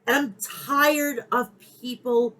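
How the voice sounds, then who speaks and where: A middle-aged woman's slow, steady voice, on the high side and a bit bright, carries a blunt and heated pro wrestling rant on her podcast, thick with swearing. Audio quality is poor.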